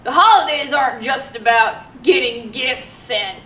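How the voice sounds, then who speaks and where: A woman's voice: sits high, animated, unhurried, pushed and bright. A woman presenting a children's program with playful, exaggerated enthusiasm. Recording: roomy, distant mic.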